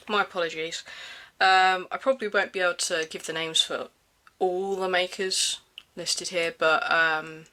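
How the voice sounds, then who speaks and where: A vlogger showing off a pouch in a casual show-and-tell, slightly hoarse from hay fever and pausing often with ums and restarts. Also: medium pitch, steady tone, pushed and bright. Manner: hesitant, many ums and restarts. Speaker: everyday-carry gear reviewer.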